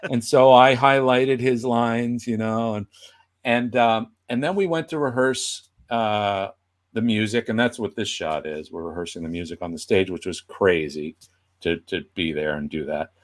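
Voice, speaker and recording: Man telling a story with lively acted-out quotes. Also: fairly low pitch, moderate pace. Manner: animated, acts out quoted voices. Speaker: guest puppeteer. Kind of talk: casual anecdote telling.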